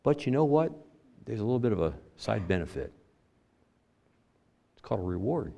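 Older man, pastor, low voice, conversational sermon, loud emphasis then quiet asides. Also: big pitch swings, normal speed, creaky, muffled recording.

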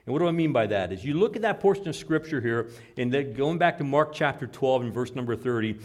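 A man's voice: medium pitch, expressive, a little fast, hardly any pauses. Preaching man with a Midwestern accent. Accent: Midwestern American. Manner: preaching with swings from soft to loud emphasis. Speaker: pastor. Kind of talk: sermon.

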